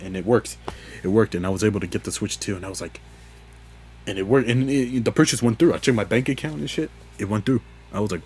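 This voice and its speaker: A man's voice: animated, fairly quick, darkish tone, slightly rough. A young man hosting a casual solo podcast, rambling through a story with lots of swearing and laughter, his voice jumping up when he gets exasperated. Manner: rambling, profane, laughs often, voice jumps high when exasperated. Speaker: podcast host.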